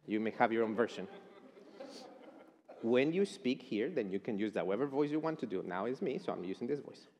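A man's voice: mid-range voice, animated, fairly quick, darkish tone, big-room sound. A man preaching a chapel sermon, emphatic and declaring. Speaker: chapel speaker.

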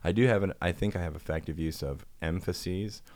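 A man with a very deep voice hosts a loose, jokey chat. He rambles and riffs as he reads emails out loud. The sound is dry and close. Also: fairly quick, dry recording. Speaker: podcast host. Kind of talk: casual chat.

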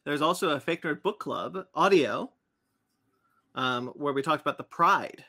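A man in his thirties co-hosting a podcast, excitable and teasing as he runs through announcements. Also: on the high side, measured pace. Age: 30s. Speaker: podcast co-host. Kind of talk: casual podcast chat.

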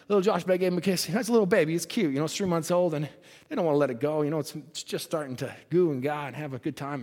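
Preacher guy telling a bible story, dramatic, lots of hallelujahs, echoey church hall. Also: fairly high pitch. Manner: animated, dramatic retelling with exclamations. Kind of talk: sermon storytelling.

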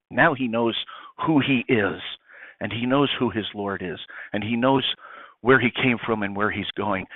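Man, priest, lively storyteller, thin phone-line sound, dry. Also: medium pitch, dry recording. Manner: lively storyteller who acts out dialogue. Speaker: priest guest. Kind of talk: animated conversational reflection.

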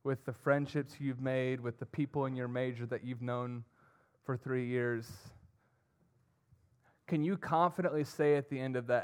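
A young man preaching a sermon, earnest, swinging between emphatic and soft. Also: medium pitch, fairly even intonation, a little slow, smooth. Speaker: pastor.

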